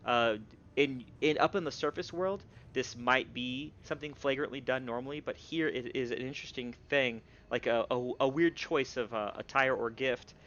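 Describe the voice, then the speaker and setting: A man narrating as game master for a tabletop game, talking in a halting way with many fillers. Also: medium pitch, fairly bright tone, lo-fi sound.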